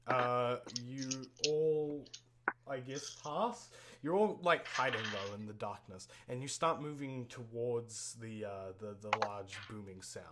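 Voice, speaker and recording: A man narrating a tabletop game as game master, pausing often with fillers and restarts. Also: medium pitch. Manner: halting, many fillers and restarts. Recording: noisy home mic.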